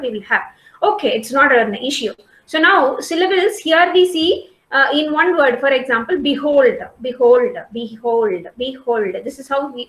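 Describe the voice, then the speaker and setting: A woman lecturer with a high, slightly bright voice teaches a class in an echoey room. She speaks patiently, using many fillers, repeating herself and checking that students follow along.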